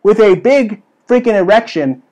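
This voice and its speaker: A man's voice: high-pitched, lively intonation, moderate pace, darkish tone. A man hosting a comedy show with a brash, crude, ranting delivery. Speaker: host. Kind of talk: comedic political rant.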